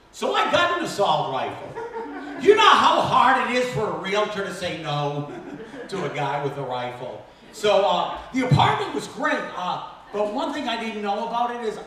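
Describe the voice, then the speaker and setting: Lively high-voiced man on an echoey stage. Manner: animated, jokey, self-deprecating. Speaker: stand-up comedian. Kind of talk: stand-up comedy set. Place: stage at a benefit concert in a temple. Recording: echoey room from far off with faint ambience.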